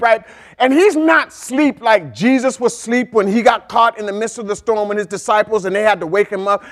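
A male pastor with a strikingly high voice delivers a sermon. He talks conversationally, with frequent asides to the congregation. He bursts into loud, excited exclamations as he tells a story. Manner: animated storytelling with sudden shouted outbursts.

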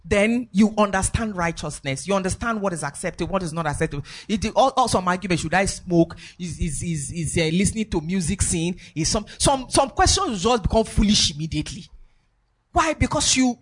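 A woman's voice: on the low side, animated, fairly quick, breathy edge. A woman preaching a sermon, emphatic and repetitive, with sing-song rises in her voice.

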